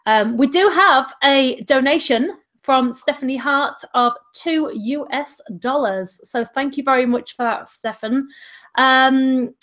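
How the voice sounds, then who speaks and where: A woman's voice: sits high, takes it slowly, fairly bright tone. A woman with an English accent hosting a livestream, chatty and reading out donations and viewer questions. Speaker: host. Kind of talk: livestream chat.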